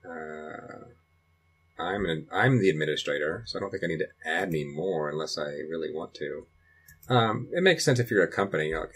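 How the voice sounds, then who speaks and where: A middle-aged man with a low, husky voice talks through a screen tutorial at home. He thinks aloud as he clicks and rambles along with plenty of restarts. The delivery is loose and conversational. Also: lively intonation, moderate pace. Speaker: dad recording a computer tutorial. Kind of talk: casual screen-recording walkthrough. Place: home in Colorado.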